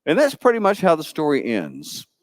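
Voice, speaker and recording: A man pastor, telling a Bible story to children in church with lively, playful asides. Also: on the high side, normal speed, no echo. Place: church sanctuary.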